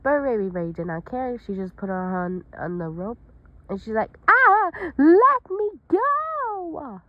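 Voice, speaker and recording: A woman's voice: lowish voice, normal speed, no echo, highs cut off. Rambling woman telling an improvised story. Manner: rambling, run-on narration with restarts.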